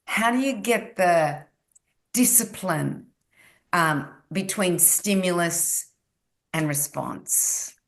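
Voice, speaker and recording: A woman co-hosting a podcast, asking questions in a slow, thoughtful way. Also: on the low side, vocal fry, a bit bright. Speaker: podcast co-host. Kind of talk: casual chat.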